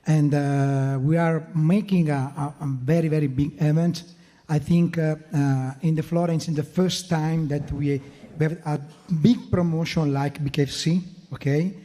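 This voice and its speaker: A man with an Italian accent, a promotion executive speaking halting, emotional English. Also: fairly high pitch, steady tone, warm tone, in a large hall.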